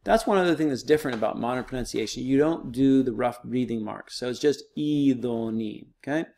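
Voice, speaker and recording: A man's voice: medium pitch, lively intonation, fast talker, gravelly, darkish tone. A man teaching a recorded online lesson, explaining step by step in a casual, patient way with frequent fillers.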